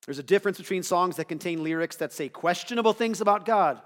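A man from the United States preaching a sermon to his church, conversational and animated, with rhetorical asides. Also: sits high, quick pace, in a large hall. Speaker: pastor.

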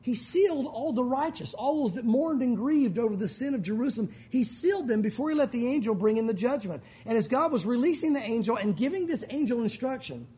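Male pastor with a very high, husky voice, preaching in a chatty, joking style. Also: a little mellow. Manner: conversational, joking asides. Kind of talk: sermon.

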